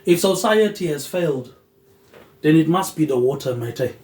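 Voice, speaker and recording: A man hosting a solo podcast, rambling loosely with "um" pauses and dropping a low, quiet "mate" at the end of his phrases. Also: expressive, reverberant, poor audio. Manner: drifting, loosely connected talk with "um" pauses. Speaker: podcast host.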